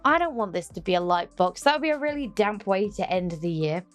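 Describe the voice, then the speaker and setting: A young woman, chatting excitedly through an unboxing and humming little tunes as she goes. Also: mid-range voice, fairly quick, faint music behind. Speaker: unboxing vlogger. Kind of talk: casual unboxing chat.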